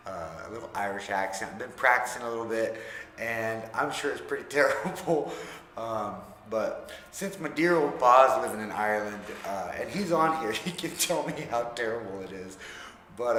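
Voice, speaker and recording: A man chatting casually to camera as a vlogger, relaxed and self-deprecating. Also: mid-range voice, a little hiss or hum. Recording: echoey room with long reverb.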